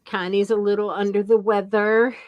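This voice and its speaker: A woman's voice: medium pitch, level tone, moderate pace, muffled recording. A woman co-hosting a casual chat show, chatty and recounting her errands step by step. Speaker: co-host of a live chat show.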